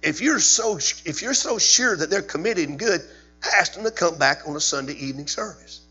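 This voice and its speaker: Baptist preacher guy in a church, high sharp voice, a bit husky, keeps asking the folks questions. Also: animated, moderate pace, faint music behind. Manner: fiery, rising to loud preaching peaks; repeats points, asks the congregation questions. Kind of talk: Sunday evening sermon. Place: church sanctuary. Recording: dull lo-fi church recording with hum.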